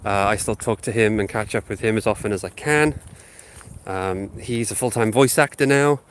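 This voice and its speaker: Out walking his dog through a housing estate, a man suffering a sniffly sinus infection chats live to his channel's viewers on a handheld phone, full of ums and rambling. He speaks at normal speed in a lowish voice, with a little hiss or hum in the audio.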